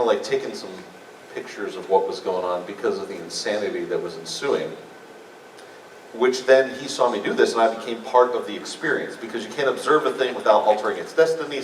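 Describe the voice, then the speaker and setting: A man on a convention panel telling a rambling, animated story to a live audience. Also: on the low side, a little hiss or hum. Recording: echoey room mic from far off.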